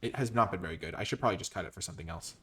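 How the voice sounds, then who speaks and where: A man commentating his own card game, switching between quiet muttered analysis and loud, mock-grandiose cheering. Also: deep voice, very fast. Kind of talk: gameplay commentary.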